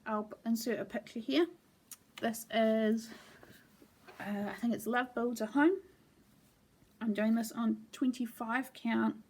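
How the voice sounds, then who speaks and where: A woman's voice: fairly high pitch, vocal fry. A woman casually showing her cross-stitch projects at home, rambling with frequent ums. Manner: relaxed, meandering, with frequent ums. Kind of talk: casual show-and-tell chat.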